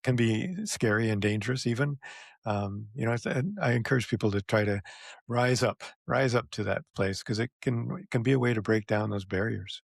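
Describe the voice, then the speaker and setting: Male podcast co-host, low gravelly voice, earnest rambling delivery, dry close sound. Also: fairly even intonation, normal speed, dry recording. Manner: rambling, earnest, laughs often. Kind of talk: casual panel discussion.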